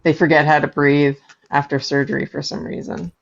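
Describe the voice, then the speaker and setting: A woman's voice: low-pitched, level tone, a little fast, vocal fry, highs cut off. A woman chatting casually on a livestream, telling stories in an easygoing, matter-of-fact way. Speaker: livestream co-host. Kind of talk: casual chat.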